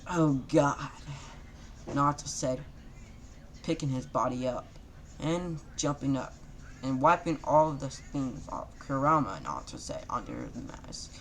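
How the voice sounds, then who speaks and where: A man's voice: mid-range voice, very animated, unhurried, a bit bright, a little hiss or hum. Rambling man improvising a fan story. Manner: rambling, self-correcting, loose grammar. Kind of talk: improvised casual story narration.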